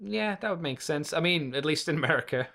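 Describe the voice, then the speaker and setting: Lively, teasing male podcast co-host. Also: fairly high pitch, quick pace, vocal fry, a crowd in the background. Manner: teasing, jokey, laughs a lot. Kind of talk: casual chat.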